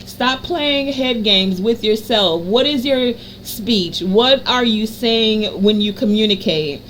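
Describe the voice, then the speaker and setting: A woman giving a card reading to a general audience, in a soothing, affirming voice that stacks phrases in repetitive lists and slows down to stress key words. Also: fairly high pitch, a bit bright, slight background noise, rough recording. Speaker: energy reader and healer.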